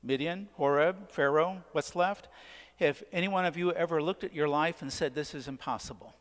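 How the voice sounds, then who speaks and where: A man preaching a sermon as pastor, asking the congregation questions and leaning on dramatic pauses. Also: fairly high pitch, steady tone. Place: church. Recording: long church reverb. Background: church sanctuary.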